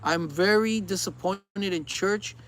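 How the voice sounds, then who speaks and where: Vlogger in his forties with a high voice, earnest and preachy, rambles and repeats himself. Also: a little slow, a bit bright. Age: 40s. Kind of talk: casual rambling chat.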